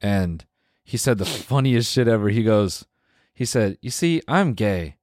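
A man's voice: fairly low pitch, very animated, a little slow, a little mellow, no echo, studio quality. A man co-hosting a casual podcast, laid-back and teasing, laughing as he tells a story. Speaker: podcast co-host. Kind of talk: casual chat.

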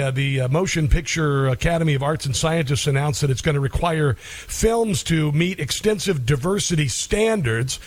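A man's voice: on the high side, dry recording. A man hosting a talk radio show, blunt and indignant, talking with many ums and uhs.

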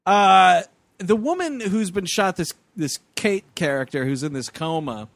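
A man co-hosting a podcast, recapping a movie in casual chat with an animated, sarcastic manner. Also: sits high, unhurried, creaky, no echo. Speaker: podcast co-host.

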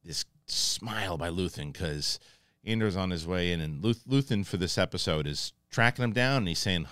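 A male host giving an excited, rambling spoken review of a TV episode and acting out lines as he goes. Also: deep voice, normal speed, smooth, no echo, clean studio sound.

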